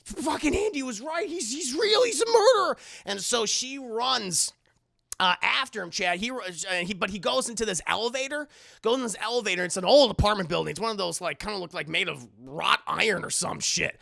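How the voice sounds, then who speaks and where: A man's voice: high voice, brisk, creaky, bright, forceful tone, dry recording, studio quality. A man casually recapping a film on a live stream, rambling and swearing, talking to his chat. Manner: rambling, profane, addresses chat.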